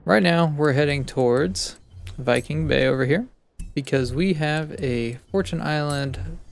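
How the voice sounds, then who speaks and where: A man, the host of a gaming channel, giving relaxed gameplay commentary and thinking aloud as he plays. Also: fairly high pitch, gravelly. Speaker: gaming YouTuber.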